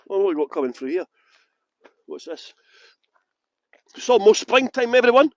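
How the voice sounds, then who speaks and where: A man's voice: extremely high pitch, measured pace, long pauses, no echo. A Scottish man guiding a live-streamed walking tour outdoors in a garden, greeting viewers by name with jokey, self-mocking banter. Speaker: tour guide.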